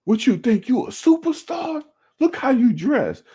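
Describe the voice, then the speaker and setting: A man's voice: very high voice, very animated, a little slow, slightly rough, pitched above the performer's own voice, exaggerated voice. A man mimicking a screaming, furious old-school football coach. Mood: yelling. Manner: yelling, spitting with rage.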